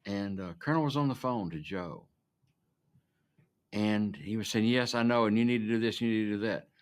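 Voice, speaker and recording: A man's voice: fairly low pitch, moderate pace. A man interviewed for a documentary, recounting a memory in blunt, plain-spoken words.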